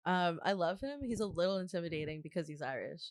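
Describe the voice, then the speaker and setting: Young woman podcast host from New Jersey, crisp and close-miked, giggly banter. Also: on the low side, lively intonation, fast, dry recording. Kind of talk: casual chat.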